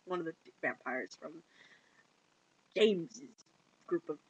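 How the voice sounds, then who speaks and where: A woman retelling a film plot in casual chat, giggling and slipping into quick put-on voices for the characters. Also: sits low, animated, slightly rough, lo-fi sound. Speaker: movie reviewer.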